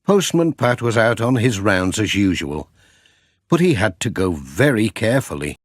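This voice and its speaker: A man's voice: lowish voice, dry recording, studio quality. A man reading a children's storybook aloud as an audiobook. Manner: slow, expressive reading. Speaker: audiobook reader.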